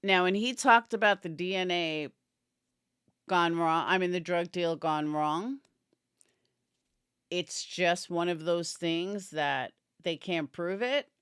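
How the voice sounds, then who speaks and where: A woman's voice: on the low side, slow, fairly bright tone, clean tone, no echo, studio quality. A woman giving opinionated casual commentary on a true crime case, answering viewers by name and yawning as she talks. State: yawning, tired. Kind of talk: casual live-stream commentary.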